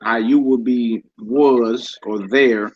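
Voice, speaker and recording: A man leads a relaxed Hebrew vocabulary lesson, saying each word over and over and spelling it letter by letter. He talks at an unhurried, deliberate pace. The recording sounds dull and lo-fi. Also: medium pitch. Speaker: Hebrew teacher.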